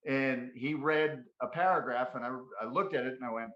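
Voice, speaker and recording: A man's voice: mid-range voice, normal speed, roomy sound, muffled recording. A man on a call, animatedly telling a story and acting out the dialogue in it. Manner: animated, acts out quoted dialogue. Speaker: caller giving a testimonial. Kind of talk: casual storytelling.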